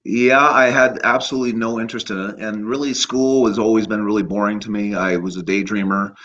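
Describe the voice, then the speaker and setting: A man in his fifties, a chiropractor guest, telling casual stories in an animated way with frequent laughs. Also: fairly low pitch, fairly quick. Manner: animated anecdotes, laughs often, acts out voices. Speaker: guest, chiropractor and energy healer. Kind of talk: casual storytelling. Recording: slightly muffled lo-fi audio.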